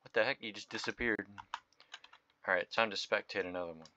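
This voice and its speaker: A young man giving excitable, slangy gameplay commentary, swinging from loud outbursts to mumbled asides. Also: lowish voice, a little fast, dry recording, lo-fi sound. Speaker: gaming video host.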